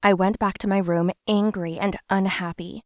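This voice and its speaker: A young adult woman narrates a scripted first-person story in a plain, steady manner. Her voice sits at a middle pitch, and the recording is dry and close with no room sound. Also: normal speed, no echo.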